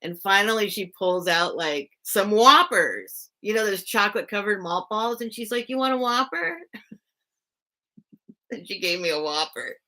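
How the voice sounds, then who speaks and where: A woman's voice: medium pitch, animated, unhurried, pushed and bright. A woman hosting a live sale stream, casually telling a personal story to her chat, full of "like" fillers and greeting viewers by name.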